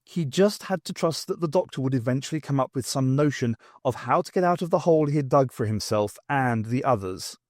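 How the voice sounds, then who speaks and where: An audiobook reader, a man with a medium-pitched voice, reads an unabridged novel aloud in a measured, expressive storytelling manner. The recording is dry and studio quality.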